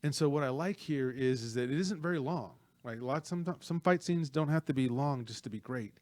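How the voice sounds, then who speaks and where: A man co-hosting a casual film talk, retelling a fight scene with lively energy and playful asides. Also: mid-range voice, a little fast, no room sound. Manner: animated storyteller, acts out movie lines. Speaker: podcast co-host.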